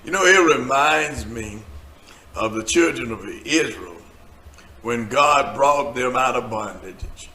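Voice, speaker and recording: A man's voice: medium pitch, expressive, slow, bright, forceful tone, roomy sound. A man hosting a casual talk show as a preacher, bantering with laughter and turning earnest and preachy when he speaks about faith. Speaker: host, preacher. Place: studio set.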